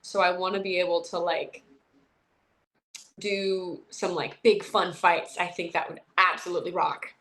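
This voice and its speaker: A young woman, an actress, chatting casually in an interview, telling animated stories with lots of fillers. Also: lowish voice, a little slow.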